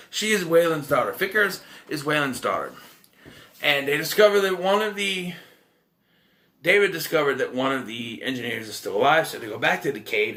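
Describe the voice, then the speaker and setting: A man with a sharp, mid-range voice gives a casual spoken film review. He rambles through the plot recap, corrects himself, and adds wry asides.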